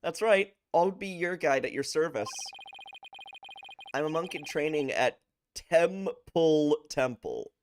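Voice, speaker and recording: A man's voice: on the high side, lively intonation, slow, clear, resonant tone, voice pushed up. A man voicing an eager, polite young boy monk who works as a tour guide and pushy salesman, reading game dialogue aloud. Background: game music.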